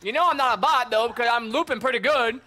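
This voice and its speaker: Young streamer dude, high bright voice, hyped and swearing a lot while he plays. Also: fast. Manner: excitable, swears, frequent "bro" and "dude". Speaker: gaming streamer. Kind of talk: casual gameplay commentary.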